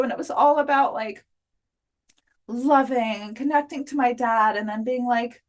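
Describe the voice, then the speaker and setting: A woman's voice: high voice, normal speed. A woman guest in a casual interview, telling a story with laughter and acting out the dialogue. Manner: animated, laughing, acts out quoted dialogue. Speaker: podcast guest, afterlife researcher.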